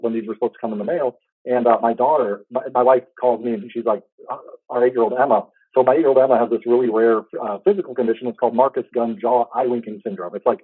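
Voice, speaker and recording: A man in his thirties telling a heartfelt personal story in a casual, halting way, full of restarts. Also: mid-range voice, slightly rough, no echo, narrow, tinny audio. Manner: fast, halting, with many restarts and fillers; earnest, heartfelt. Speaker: podcast host.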